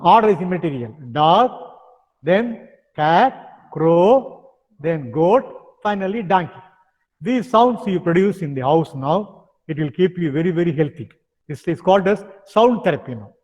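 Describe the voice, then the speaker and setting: Indian English man as a yoga teacher, high-pitched and insistent, long echo around the voice. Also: a little mellow. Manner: insistent, repeats words like "now" and "understand". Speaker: yoga instructor. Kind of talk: online yoga lesson with demonstrations.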